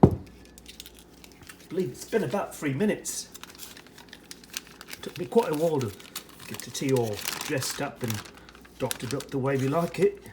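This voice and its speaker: Lively put-on British accent, chatty. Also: medium pitch, measured pace, pauses often, background noise. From United States. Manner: chatty running commentary while preparing and tasting food. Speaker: ration reviewer. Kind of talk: casual food review vlog.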